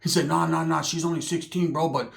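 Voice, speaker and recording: A man's voice: fairly high pitch, steady tone, a little fast, creaky. A young man telling a profane story in street slang and acting out the people he quotes. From California. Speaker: commentary vlogger. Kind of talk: storytelling rant.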